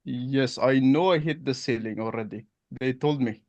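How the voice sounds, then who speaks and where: A man's voice: medium pitch, normal speed, a little mellow, no echo, highs cut off, lightly acted. A man playing a blunt, no-nonsense accountant. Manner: blunt, repetitive, broken phrasing. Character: blunt, direct male accountant prospect. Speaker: roleplay partner.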